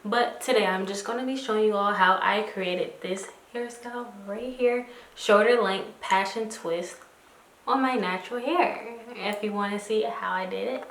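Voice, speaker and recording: A woman's voice: mid-range voice, normal speed, fairly bright tone, slight background noise. A young woman hosting a hair tutorial vlog, chatty and teasing, walking viewers through each step. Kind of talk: casual tutorial vlog with voice-over. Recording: music playing underneath.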